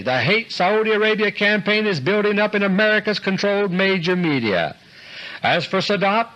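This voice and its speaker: A man reading a scripted political commentary in a grave, deliberate manner, dropping low at the ends of his sentences. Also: bright, forceful tone, poor audio. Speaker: commentator delivering an audio newsletter.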